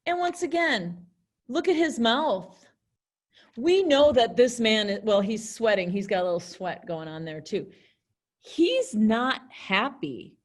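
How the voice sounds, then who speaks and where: A woman's voice: fairly high pitch, animated, slow pace. A young woman teaching an online class in a chatty way, acting out example phrases in different tones. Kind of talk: virtual classroom lesson.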